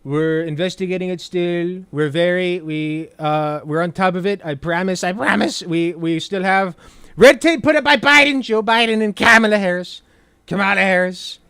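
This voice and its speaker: A man's voice: sits high, moderate pace, clean tone, no echo, studio quality. A man putting on a mocking impression of a blustering older male politician who is dismissive and repeats himself. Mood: placating. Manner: exaggerated, shouty, repeats himself. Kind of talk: mocking impression in a commentary video.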